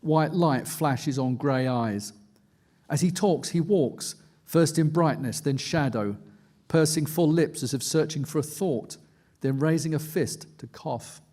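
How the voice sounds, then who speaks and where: A man reads aloud from his own book to a conference audience. His voice sits a touch higher than most men's, and his delivery is measured and dry, like a storyteller setting a scene. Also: darkish tone. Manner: measured, dry storytelling read with quoted asides. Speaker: investigative journalist, author. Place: conference stage.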